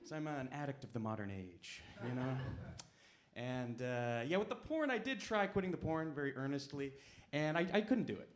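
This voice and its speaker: A young man performing a stand-up set at a comedy club, with deadpan, self-mocking asides. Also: medium pitch, moderate pace, slight background noise. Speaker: stand-up comic.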